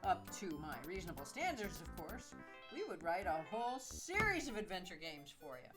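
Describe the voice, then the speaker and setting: A woman's voice: lowish voice, very animated, normal speed, music in the background. A woman voicing a glamorous woman lounge pianist in a game, gushing and showing off. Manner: breathless, gushing fan talk.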